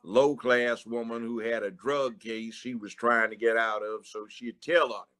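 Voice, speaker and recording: Older man, ex-judge, blunt streetwise storyteller, mid-pitched voice, acts out courtroom lines. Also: steady tone, moderate pace, a bit bright. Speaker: former judge. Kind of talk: storytelling in an interview.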